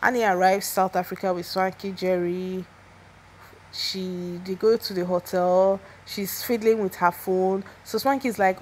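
A woman's voice: mid-range voice, fairly even intonation, normal speed, a little mellow. Lady spilling celeb gossip, chatty and opinionated, kinda restarts a lot, faint hum behind. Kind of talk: casual gossip recap.

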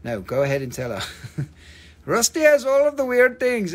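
Husky, lively man hawking crystals. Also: very high voice, normal speed. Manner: joking, swearing, lively asides. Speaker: live-stream crystal seller. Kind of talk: casual live sales chat.

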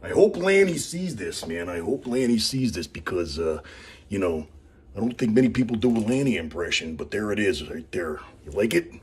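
A man's voice: low-pitched, animated, fairly quick, darkish tone, slightly rough. A man hosting a wrestling vlog, talking in a loose, rambling way with lots of fillers. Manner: rambling, filler-heavy, laid-back. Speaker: wrestling show host. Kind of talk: casual vlog.

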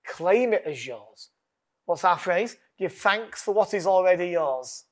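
A man preaching a sermon as pastor, earnest, leading call-and-response lines and dropping to a hush. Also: high-pitched, animated, measured pace.

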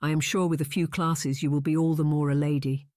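An arrogant young marquis, as a male audiobook narrator reads him speaks in a fairly high, smug voice that needles at every turn. The audiobook sound is dry and close. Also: level tone, a little fast, darkish tone, no echo, close to an everyday voice. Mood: teasing.

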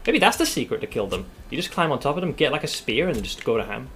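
A man streaming a game, commenting live, swearing often and yelling when startled. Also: medium pitch, sing-song, quick pace, a little hiss or hum.

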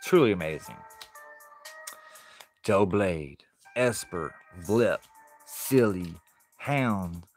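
A man's voice: deep voice, lively intonation, very slow, long pauses, faint music behind. A man chatting casually on a live stream as he opens card packs, easygoing and laughing often.

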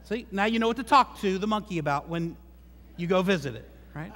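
A pastor preaching in a church sanctuary, his voice high for a man and bouncing off the walls in a long reverb. He talks to the room conversationally and slips in joking asides. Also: lively intonation, a little fast, fairly bright tone. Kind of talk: sermon.

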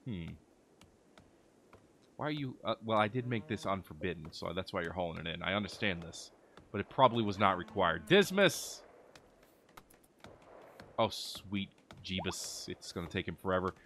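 A man giving animated let's-play commentary, reacting loudly and chatting to the characters on screen. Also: low-pitched, moderate pace, pauses often, a little hiss or hum. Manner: excitable, chatty, talks to game characters. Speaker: gaming video host.

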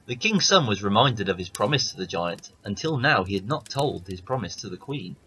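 A man reading a fairy tale aloud as a storyteller, in steady, plain narration. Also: on the low side, fairly quick, a little hiss or hum, rough recording.

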